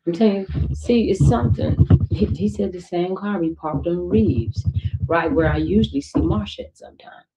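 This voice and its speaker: A woman's voice: on the low side, normal speed, mellow, slight background noise, low-quality recording. Hesitant Midwestern woman giving a witness statement. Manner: hesitant and rambling, full of "you know". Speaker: witness in a police interview. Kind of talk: recorded police interview.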